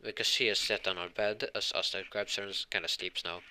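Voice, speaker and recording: A young man improvising a fan story, halting and rambling with many fillers. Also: low-pitched, steady tone, pushed and bright, slight background noise.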